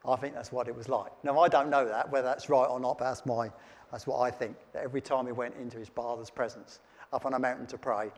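A man's voice: mid-range voice, fairly even intonation, fast talker. A man preaching a sermon, reading Bible verses aloud and then explaining them in plain, chatty words. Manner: reads scripture aloud then comments in plain chat. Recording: long hall reverb.

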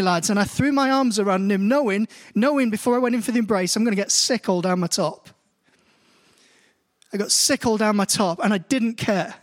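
An earnest middle-aged male preacher with a notably high voice. He reads scripture steadily, then tells stories that build into passionate conviction, speaking to a congregation in a church hall. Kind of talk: sermon with scripture reading.

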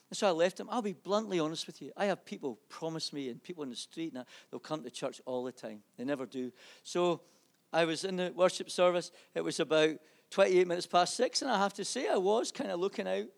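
A man preaching in a church, sharing a testimony from the pulpit. His voice sits a little high and carries a gravelly edge. He swings between loud fervour and quiet, intimate moments. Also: expressive, brisk. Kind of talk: sermon with personal testimony.

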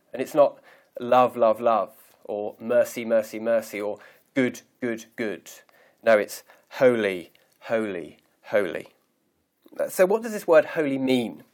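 A man preaching a sermon, reading scripture aloud slowly and deliberately and pausing to stress key words. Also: medium pitch, darkish tone. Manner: measured, emphatic reading of scripture.

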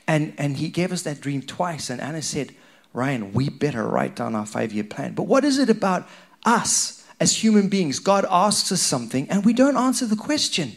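Animated man preaching a sermon. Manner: animated, conversational, rising in pitch when stirred. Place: church hall with congregation.

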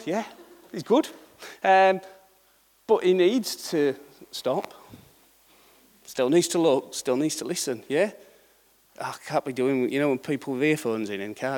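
A middle-aged man preaches conversationally in a large hall, often checking in with the congregation by repeating "yeah?". His pitch is fairly high.

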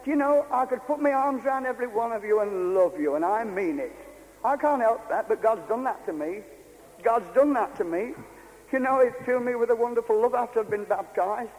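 A man's voice: very high-pitched, expressive, a little fast, a little mellow. An older man preaching a fervent, repetitive revival sermon to a congregation in a meeting hall.

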